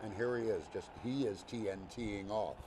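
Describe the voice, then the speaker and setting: A man's voice: fairly low pitch, normal speed, background noise. A man co-hosting a boxing interview, dropping quips and questions into the conversation. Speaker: co-host, boxing commentator. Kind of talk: casual interview banter.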